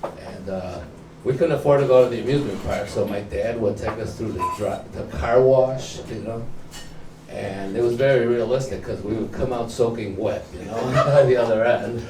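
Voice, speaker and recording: A man's voice: medium pitch, normal speed, noisy background. Nervous man doing stand-up, roomy far mic. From Mexico. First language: Spanish. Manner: nervous, chuckling between jokes. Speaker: stand-up comedian. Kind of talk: open-mic stand-up set. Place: small comedy club. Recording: roomy club recording from far off. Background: audience laughter.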